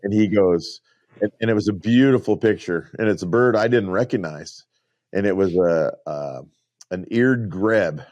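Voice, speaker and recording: A man's voice: on the low side, normal speed, darkish tone, dry recording, highs cut off. A man co-hosting a podcast, chatting casually and telling rambling stories, quoting the people he met, with small chuckles. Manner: rambling storyteller, quotes others, chuckles. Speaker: podcast co-host, rancher.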